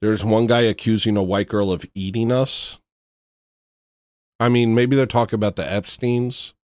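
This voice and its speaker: A man's voice: fairly low pitch, fairly even intonation, moderate pace, darkish tone, no room sound, clean studio sound. Blunt rambling man on a livestream. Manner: rambling and blunt, frequent restarts. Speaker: livestream host. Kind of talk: casual livestream rant.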